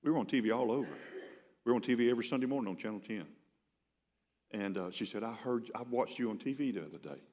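A man's voice: medium pitch, quick pace, a little mellow. A man, a pastor preaching a sermon in a conversational, storytelling way, often repeating words as he starts a sentence.

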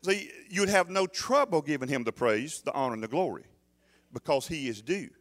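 A man's voice: a little high, lively intonation, moderate pace, fairly bright tone. Emphatic preacher man. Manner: emphatic preaching, questioning the congregation, repeats words. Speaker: pastor. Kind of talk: sermon.

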